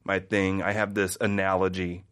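A man's voice: low voice, moderate pace. A man from the American Midwest, a guest in a casual conversation, telling stories animatedly. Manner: animated storyteller who acts out quoted voices.

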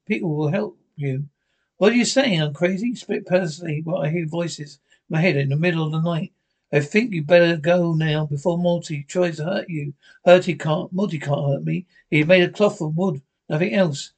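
Frantic horror TV characters. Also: male voice, fairly high pitch, darkish tone. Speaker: actor in a horror anthology episode. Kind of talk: TV horror drama dialogue.

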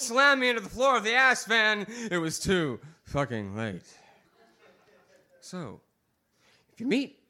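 Bright, high-voiced male slam poet. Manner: theatrical, swings from shouts to near whispers. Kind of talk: performed slam poem. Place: live bar stage at poetry slam.

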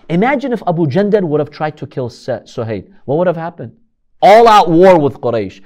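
Guy lecturing on religious history, lively up-and-down voice, pretty high, dramatic rhetorical questions.

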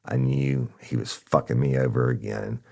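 A man with an extremely deep, gravelly voice tells a story from his time as a narcotics officer. He talks bluntly and casually, swears freely, and speaks straight to the listeners as y'all. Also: steady tone, normal speed, a little mellow.

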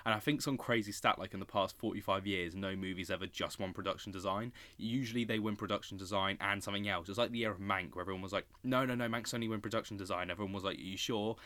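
A young man giving opinionated live reaction commentary on an awards show, excitable and prone to loud outbursts. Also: lowish voice, quick pace, few pauses, dry recording.

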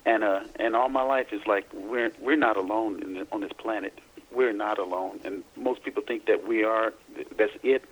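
Husky, halting middle-aged man. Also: fairly low pitch, poor audio. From Louisiana, US. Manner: halting, repeats words while searching for them. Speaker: guest, author. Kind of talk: casual interview, recounting personal experiences.

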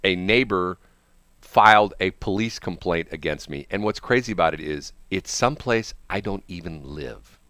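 A radio show host with a low-pitched voice tells a story at normal speed, casual and animated, laughing often and acting out what other people said. There's no room sound.

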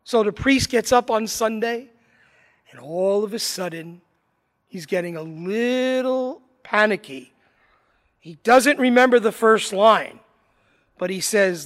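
A man preaching a sermon, telling a joke and a personal story with dramatic pauses and swells. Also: high-pitched, a bit bright, big-room sound. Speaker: priest. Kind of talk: sermon with told anecdotes.

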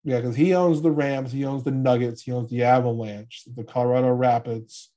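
A man's voice: mid-range voice, fairly even intonation, moderate pace, warm tone. A middle-aged man co-hosting a casual sports podcast, chatty and joking, often trailing off and restarting. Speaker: podcast co-host.

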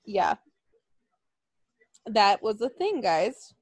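A woman co-hosting a casual chat show, telling stories in an animated way and acting out what people said. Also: mid-range voice, very slow, dry recording. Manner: animated storytelling, acting out quotes with laughs. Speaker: podcast co-host.

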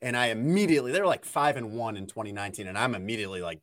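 A man's voice: lowish voice, rapid-fire, few pauses, a bit bright. A man, a sports reporter, talking casually and with strong opinions, and teasing his critics.

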